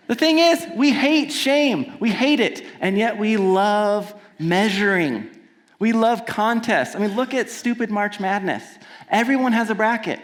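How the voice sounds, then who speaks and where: On a theater stage before an audience, a singer-songwriter from Washington, USA, tells stories between songs, conversational and playful, building to emphatic points. His voice is high-pitched and animated, at a measured pace.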